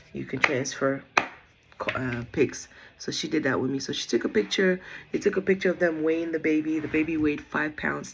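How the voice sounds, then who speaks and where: Chatty woman with a gravelly voice. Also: a bass voice, slight background noise. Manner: chatty, rambling, lots of fillers. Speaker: new mother telling her birth story. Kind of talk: casual storytelling vlog. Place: at home.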